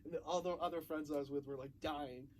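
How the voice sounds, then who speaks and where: A young man telling a story in casual conversation, acting out the voices he quotes in an animated way. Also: fairly high pitch, fast, a little hiss or hum. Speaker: podcast co-host.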